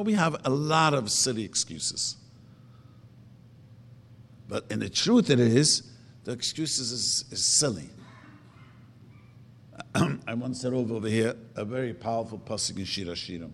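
A man preaching a sermon emphatically, asking rhetorical questions and slowly chanting verses. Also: medium pitch, vocal fry, fairly bright tone. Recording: long reverb of a hall.

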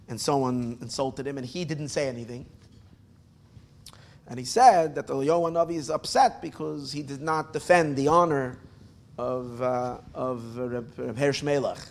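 A man telling a story in a casual, spoken way, with loud bursts, near-mumbled asides and frequent restarts. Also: medium pitch.

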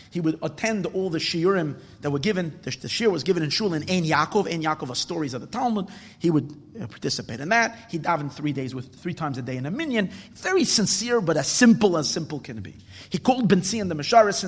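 A man telling a story in a sermon, earnest and emphatic, with halting restarts. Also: fairly high pitch, lively intonation, slightly rough, big-room sound.

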